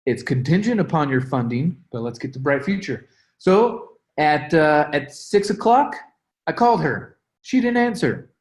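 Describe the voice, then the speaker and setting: A man's voice: fairly high pitch, expressive, a little slow. A young man leading a sales team call, coaching with energy and acting out his own calls and texts. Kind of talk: motivational sales coaching talk.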